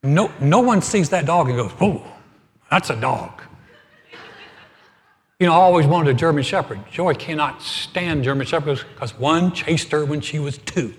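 A middle-aged man preaching as pastor, telling a humorous story with animated swings from loud to soft. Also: a little high, normal speed, hardly any pauses. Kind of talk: humorous sermon. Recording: hall reverb.

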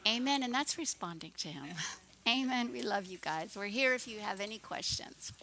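A woman's voice: a little high, lively intonation, normal speed, bright, forceful tone, slight background noise. A woman pastor preaching a fervent, encouraging sermon.

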